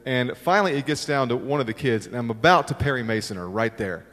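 A man's voice: mid-range voice, lively intonation, fast talker, fairly bright tone. A middle-aged man preaching a sermon, telling stories with self-deprecating humor and acting out the quotes. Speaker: pastor. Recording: long reverb of a large hall.

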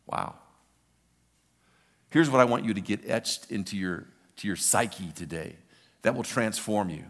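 Older pastor preaching in a reverberant hall. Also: male voice, fairly low pitch, unhurried. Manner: animated storytelling, repeats words for emphasis. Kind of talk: sermon.

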